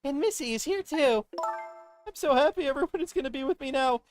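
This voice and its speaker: Woman as a gentle little girl in a game, soft, sweet and raised in pitch. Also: expressive, a little fast, soft background music. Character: gentle sleepy young girl.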